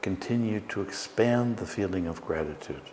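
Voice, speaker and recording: A man with a very low voice leads a guided meditation, slow and soothing. His words trail into a long reverb, with a faint ambient hum behind him. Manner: slow, gentle, soothing guidance. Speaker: meditation teacher.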